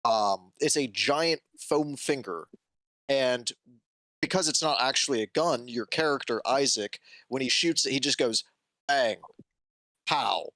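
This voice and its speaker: A man co-hosting a gaming podcast, talking in a relaxed, hesitant way. He has a mid-pitched voice, and the recording sounds dry with no room echo. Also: unhurried. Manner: relaxed, hesitant, many fillers. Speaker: podcast co-host. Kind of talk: casual podcast chat.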